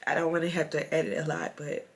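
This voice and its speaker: A woman in her late twenties talking to camera in a personal vlog, soft and halting with sighs, holding back tears. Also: low-pitched, animated. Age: late 20s. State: tearful, holding back crying. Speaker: vlogger.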